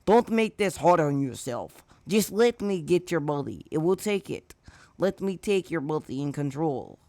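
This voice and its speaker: A man doing a loud menacing sludge monster. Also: fairly high pitch, expressive, unhurried, dry recording. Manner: loud, pushy and threatening.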